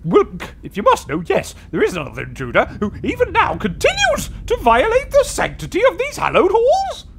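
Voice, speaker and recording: Wrathful ghost guardian of a crypt, very high and swooping, grand and booming, put on by a man reading a game aloud. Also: huge pitch swings, vocal fry, a little hiss or hum, full character voice. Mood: solemn. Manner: booming, pompous, drawn-out proclamations. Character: wrathful male guardian spirit of a tomb.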